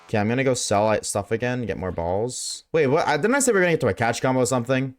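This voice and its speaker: A man's voice: lively intonation, rapid-fire. Casual, swearing male game streamer. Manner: loose and profane, chatting with viewers, jumps between high and low voice. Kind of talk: casual live-stream chat while gaming. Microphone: desk microphone.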